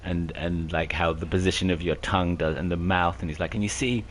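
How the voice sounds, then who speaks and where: A man's voice: deep voice, steady tone, fairly quick, slight background noise, low-quality recording. A man in casual chat while gaming, rambling with enthusiasm about accents over a headset mic. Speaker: racing game player.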